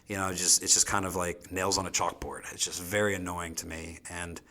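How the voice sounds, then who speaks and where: A man's voice: low voice, steady tone, fairly quick, sharp tone. A man in his thirties, a chef being interviewed, talking casually and rambling with many fillers. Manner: rambling, frequent "you know" fillers. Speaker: chef guest.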